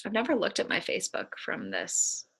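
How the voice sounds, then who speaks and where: A woman's voice: lowish voice, huge pitch swings, a little fast, fairly bright tone, breathy edge, poor audio. A young woman giving a casual, emphatic sales-team presentation over a video call, chatty and repeating her warnings. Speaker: network marketing presenter.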